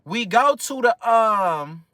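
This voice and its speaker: A young man from Detroit with a Detroit accent, telling a personal story in an animated, profane way with many filler phrases. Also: high voice, takes it slowly, dry recording, studio quality. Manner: animated, profane, keeps repeating "whatever the case may be". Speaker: vlogger. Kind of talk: casual storytime.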